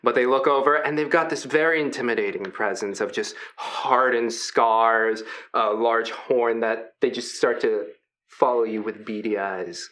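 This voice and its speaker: Running a tabletop session, this game master speaks in a mid-range voice at a slightly slow pace. His narration is laid-back and peppered with filler words.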